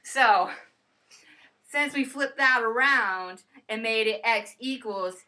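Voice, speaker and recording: Woman, bright voice, playful mock math lesson, rambling, trips over terms. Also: a little high, takes it slowly. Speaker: co-host of a homemade math skit.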